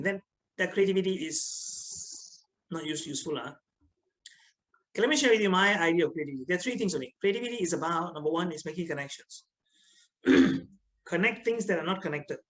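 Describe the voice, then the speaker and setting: Lecturing students online, this middle-aged man speaks in Malaysian-accented English and keeps things lively and teasing, often quizzing his listeners. His pitch is high, and the audio quality is poor.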